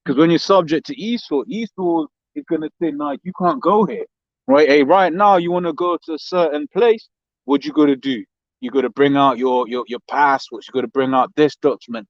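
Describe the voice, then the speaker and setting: A man's voice: medium pitch, dry recording, highs cut off. Man with a London accent. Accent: London English. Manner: animated, hesitant restarts, reads scripture aloud. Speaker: co-host. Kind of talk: casual religious discussion.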